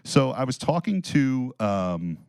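A man's voice: medium pitch, big pitch swings, takes it slowly, a little mellow, smooth, no echo. A man co-hosting a podcast in casual banter, rambling and swearing, getting over a cold. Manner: rambling, profane, laughs often. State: recovering from a cold. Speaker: podcast co-host.

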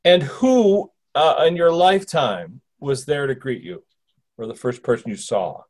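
A man's voice: mid-range voice, expressive, measured pace, a little mellow. A man hosting a conversation, asking long wandering questions full of restarts. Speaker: host interviewing a spirit through a medium. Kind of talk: casual interview talk.

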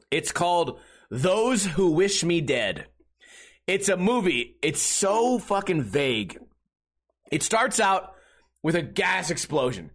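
A man with a high, bright voice hosts a solo comedy podcast. He rants in an exasperated, mocking way and hammers the same phrases over and over. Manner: exasperated, mocking, repetitive ranting. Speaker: podcast host.

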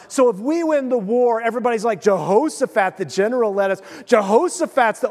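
A man pastor preaching a sermon, telling the story with animated asides and acted-out voices. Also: very high-pitched, brisk, hardly any pauses, big-room sound.

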